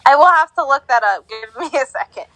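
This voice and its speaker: A woman's voice: high voice, expressive, fast talker, fairly bright tone, no room sound, low-quality recording. A young woman co-hosting a casual podcast, giggling as she stumbles over names. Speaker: co-host giving sports news.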